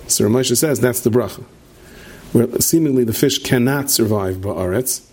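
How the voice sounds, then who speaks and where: At a moderate pace, a medium-pitched man with a darkish, slightly rough tone gives a meandering sermon as a rabbi, often tossing in "right?" and restarting his sentences many times.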